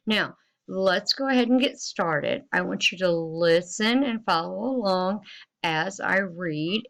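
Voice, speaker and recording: A middle-aged woman teaching a reading fluency lesson to children in a slow, deliberate, expressive way. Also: fairly low pitch, vocal fry, poor audio. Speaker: elementary school teacher.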